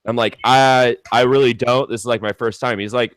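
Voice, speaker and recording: A young man casually telling a long story, rambling and swearing, with lots of fillers and animated retellings. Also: medium pitch, normal speed, clean tone, dry recording. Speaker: storyteller guest.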